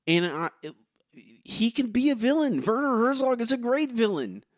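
A man co-hosting a podcast, talking in animated bursts with many halting restarts. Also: very high-pitched, no room sound, studio quality. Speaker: podcast co-host. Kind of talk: casual podcast discussion.

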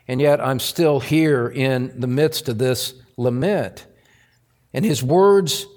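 A man's voice: on the high side, long reverb tail. A man preaching an earnest expository sermon, reading scripture aloud and explaining it.

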